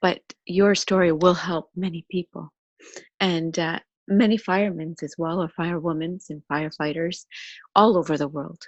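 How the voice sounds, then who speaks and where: A woman sharing a personal story on a video call, speaking haltingly with many pauses and fillers, moved and emotional. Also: lowish voice, steady tone, dry recording, dull audio. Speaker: webclass participant.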